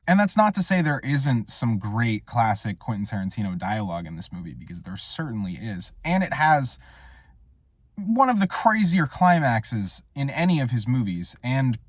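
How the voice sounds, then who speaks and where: Casting: male reviewer, low-ish voice, wry deadpan rambler, dry booth sound. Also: normal speed, no room sound. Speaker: film reviewer. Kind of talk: casual monologue review. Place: Portland area.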